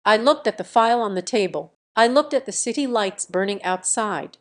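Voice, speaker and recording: A woman's voice: fairly high pitch, moderate pace. Woman narrating a dramatic family story. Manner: steady reading of dramatic first-person story.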